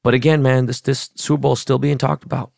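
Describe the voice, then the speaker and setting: A man's voice: mid-range voice, fast, vocal fry, dry recording, studio quality. A middle-aged man hosting a podcast, ranting profanely and animatedly about football, acting out what players said. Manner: profane, animated, acts out quotes. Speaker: podcast host. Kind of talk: casual sports talk.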